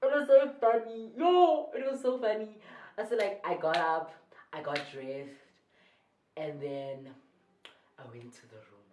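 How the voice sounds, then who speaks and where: A South African woman telling a casual storytime, rambling and excitable, often correcting herself mid-sentence. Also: mid-range voice, unhurried, recorded from a distance, a little hiss or hum. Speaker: YouTuber. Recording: echoey room, voice away from the mic.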